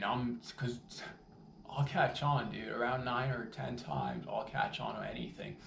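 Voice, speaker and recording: A man hosting a podcast, delivering a rambling, profane comedic monologue with animated asides. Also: lowish voice, normal speed, creaky. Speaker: podcast host. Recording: roomy, distant mic with faint background noise.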